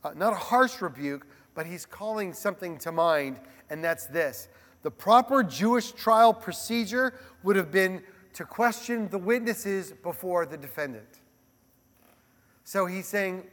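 A man preaching a sermon as a pastor, animated and conversational, with frequent asides to the listeners. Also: sits high, measured pace, long reverb tail.

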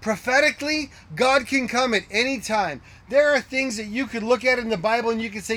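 A man preaching a sermon as pastor, earnest, asking rhetorical questions and dropping to hushed tones. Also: high voice, brisk, few pauses.

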